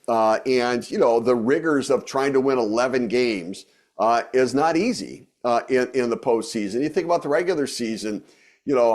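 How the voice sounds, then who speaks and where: A middle-aged man talking as a podcast guest in a loose, rambling way, with many fillers and restarts. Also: mid-range voice. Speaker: guest, former baseball executive and radio host. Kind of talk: casual podcast interview.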